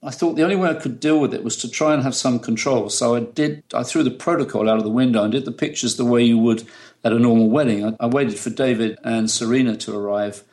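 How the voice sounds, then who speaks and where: Speaking quickly in a medium-pitched, darkish voice, a middle-aged photographer from the United Kingdom tells chatty anecdotes during an interview. His storytelling is relaxed, and he laughs often.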